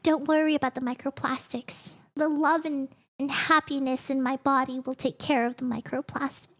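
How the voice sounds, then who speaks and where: A woman's voice: high voice, steady tone, moderate pace. A young woman live-streaming in casual chat, giggling often and breaking off mid-sentence.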